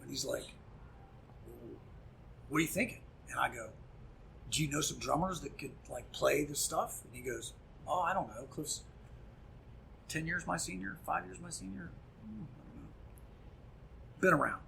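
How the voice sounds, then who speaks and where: A middle-aged man, a punk musician guest, telling a story in casual chat, animated and profane, acting out quoted dialogue. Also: on the high side, moderate pace, creaky, long pauses, a little hiss or hum.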